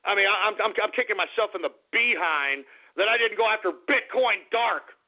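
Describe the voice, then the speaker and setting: A man's voice: high-pitched, moderate pace. A male radio host talking through a rambling, flustered monologue, apologizing and restarting often. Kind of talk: call-in radio talk show monologue. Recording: tinny phone-quality radio audio.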